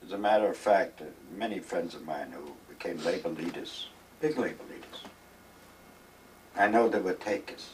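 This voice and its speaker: A man's voice: low-pitched, normal speed, recorded from a distance, slight background noise, poor audio. An older man being interviewed, reminiscing in a rambling, emphatic way and acting out the dialogue of his old stories. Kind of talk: reminiscing storytelling. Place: retirement village home.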